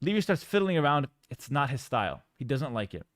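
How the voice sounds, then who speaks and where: A man's voice: medium pitch, sing-song, brisk, fairly bright tone, no room sound. A man streaming, telling a story in a casual, joking way with exaggerated mock outrage.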